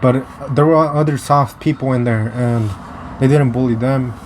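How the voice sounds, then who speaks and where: A man's voice: mid-range voice, steady tone. Young american guy rambling thru a story, lots of restarts and cussing, bit of hiss behind. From United States. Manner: rambling, halting with many restarts and fillers; profane, blunt. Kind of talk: casual storytelling vlog.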